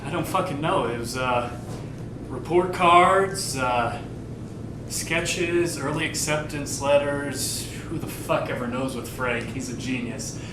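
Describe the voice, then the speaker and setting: On a theater stage, an actor plays a bitter, foul-mouthed grown man confiding a rambling, sardonic family story in a monologue to the live audience. He speaks slowly, and the echoey recording, made far from the mic, carries rumbling noise.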